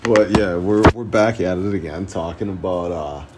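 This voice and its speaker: Rambling young podcast host, high, low-voiced, cursing and laughing, noisy amateur recording. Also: male voice, moderate pace. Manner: rambling, profane, giggly stoner talk. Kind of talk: casual podcast chat.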